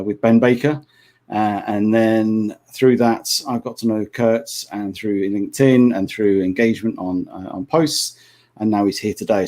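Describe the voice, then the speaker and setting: A man hosts a podcast interview, and his speech is full of hesitant fillers and false starts. His voice sits slightly low for a man. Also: a little mellow. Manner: hesitant, many fillers and restarts. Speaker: podcast host.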